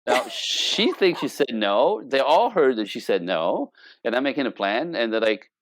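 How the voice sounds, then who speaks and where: A man working as a relationship coach, talking in a casual interview as an animated, joking storyteller. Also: medium pitch, moderate pace, no room sound. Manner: animated, joking storyteller who acts out quoted dialogue.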